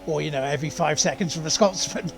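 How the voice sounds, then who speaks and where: A man's voice: fairly high pitch, quick pace, vocal fry, fairly bright tone, a little hiss or hum. A man streaming a racing game in casual, rambling chat, often laughing and greeting viewers. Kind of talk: casual gaming livestream chat.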